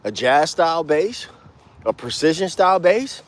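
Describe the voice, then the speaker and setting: Walking outdoors, a man teaches bass in a casual walk-and-talk, using blunt street slang, cursing, and counting beats out loud. His pitch swings widely and his pace is moderate.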